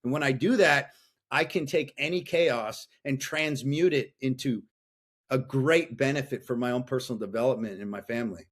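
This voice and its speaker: Blunt, intense man on a podcast call. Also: medium pitch. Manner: blunt and intense, swears freely, asks himself rapid questions. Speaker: podcast guest, fathers' coach. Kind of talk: candid podcast conversation. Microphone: remote call.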